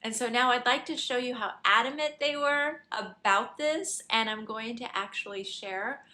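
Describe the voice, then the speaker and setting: A woman's voice: a little high, moderate pace, pushed and bright. A woman hosting a spiritual podcast, earnestly introducing channeled answers to listener questions. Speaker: host and channeler.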